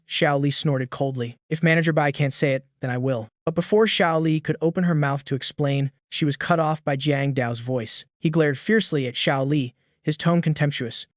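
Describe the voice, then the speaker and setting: Steady man narrating a story, dry mic. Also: on the high side, no echo.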